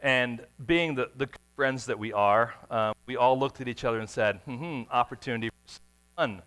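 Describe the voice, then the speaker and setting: A man preaching a sermon, telling stories with dramatic swings between hushed, quiet passages and sudden shouts. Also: mid-range voice, moderate pace, smooth. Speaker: pastor.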